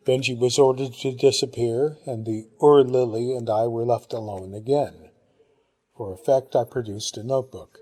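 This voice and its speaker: A man reading a novel aloud, narrating in the first person at a measured pace. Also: mid-range voice, fairly even intonation, dark tone. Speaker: audiobook reader.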